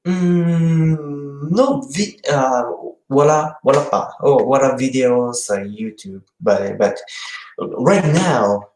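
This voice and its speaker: A Japanese man speaking English with a Japanese accent, chatting on a live stream, reading viewer comments and slowly repeating words to teach how to say them. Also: on the low side, reverberant, slight background noise, rough recording.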